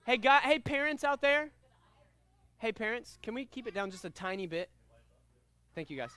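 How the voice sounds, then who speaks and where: A man teaching a kids' karate class, energetic and upbeat, leading commanding call-and-response drills. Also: very high voice, moderate pace, clear, resonant tone, dry recording. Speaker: karate instructor.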